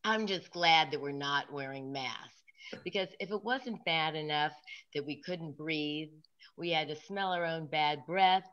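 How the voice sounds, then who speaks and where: A woman's voice: sits low, measured pace, a bit bright, clear, resonant tone, muffled recording. A woman comic doing a stand-up set of punny one-liners.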